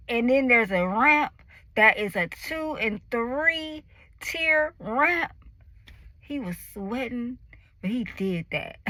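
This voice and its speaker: A woman in her thirties telling a personal story in a lively, animated way, acting out the voices and cries of the moment. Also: on the high side, no room sound, rough recording. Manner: animated, acts out her own screams and quoted voices. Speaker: vlogger.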